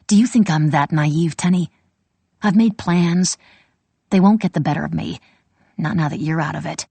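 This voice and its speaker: A woman's voice: deep voice, normal speed, creaky, warm tone, husky, no room sound, exaggerated voice. A woman voicing Ginny, a bold young woman thief speaking defiantly and slyly. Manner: defiant, sly.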